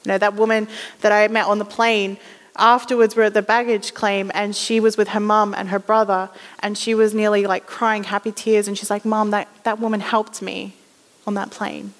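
In an echoing hall, a woman guest preacher shares stories in a chatty sermon, putting on small character voices as she goes. She keeps a moderate pace, and her mid-range voice moves little in pitch.

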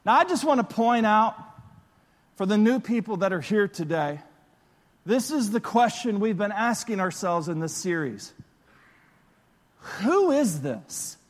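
A man preaching a sermon as pastor, telling stories in an animated, lively way. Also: sits high, moderate pace. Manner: storytelling, animated, excitable bursts. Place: church auditorium. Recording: long reverb of a large hall.

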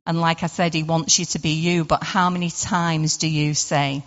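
Chatty woman, low voice. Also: level tone, normal speed, in a large hall. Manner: chatty, full of "sort of" and rhetorical questions. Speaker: devotional speaker. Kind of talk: informal devotional talk. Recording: dull lo-fi recording.

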